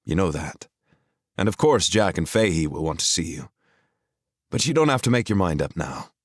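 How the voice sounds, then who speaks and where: A man voicing a steady, kindly grown friend in an audiobook, calm and measured. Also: deep voice, slightly rough, no echo, clean studio sound.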